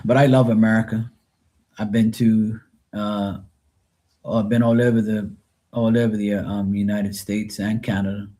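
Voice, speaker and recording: A man's voice: lowish voice, little pitch movement, unhurried, pauses often, warm tone. A man from Bermuda with a Bermudian accent, chatting loosely and rambling to viewers of his live tarot stream. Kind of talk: casual live-stream chat.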